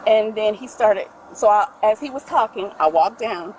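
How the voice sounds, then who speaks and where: A woman's voice: medium pitch, normal speed, a little mellow, a little hiss or hum, poor audio. A middle-aged woman recounting a family fight to a police officer, talking at length and quoting what everyone said, caught on a body camera. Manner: talkative, retells quoted dialogue at length. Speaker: mother making a police report.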